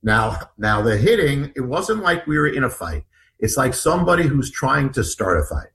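The recording is low quality. A male author in an interview describes an ordeal vividly and with animation, voicing what others said and frequently restarting and repeating himself, in a very animated, slightly bright mid-range voice at normal speed.

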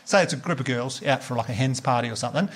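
A man's voice: medium pitch, rapid-fire. Australian man doing stand-up comedy. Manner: chatty storytelling, teasing the crowd. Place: comedy club stage with live audience.

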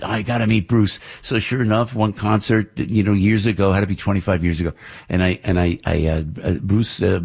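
Older male radio host, New Jersey accent, husky and a bit low, animated storyteller. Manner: rambling storytelling, animated, many restarts. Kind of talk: morning radio monologue.

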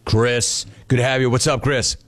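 A man's voice: medium pitch, level tone, normal speed, a bit bright. A man hosting sports talk radio, riffing sarcastically and telling stories to his listeners.

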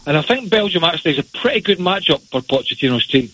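A man's voice: fairly high pitch, big pitch swings, fast talker, bright, forceful tone, slightly rough, no room sound, low-quality recording. A man giving blunt, opinionated soccer analysis on sports radio.

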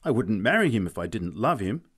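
A man's voice: fairly low pitch, sing-song, a little fast, slightly rough. A man voicing a spirited young woman who answers in a raised, indignant voice. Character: spirited young woman, proud and sharp-tongued.

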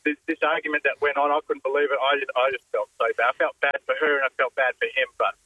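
Halting man caller. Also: mid-range voice, little pitch movement, breathy edge, no echo, narrow, tinny audio. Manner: halting, filler-heavy with many "uh"s. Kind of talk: phone-in storytelling. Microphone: phone line.

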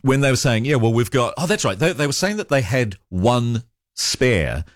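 A man's voice: mid-range voice, sing-song, moderate pace, dry recording, studio quality. A man with a New Zealand accent hosting a talk radio show. He chats easily, mocks himself, and often repeats his words. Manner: conversational, self-mocking, repeats words. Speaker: radio host.

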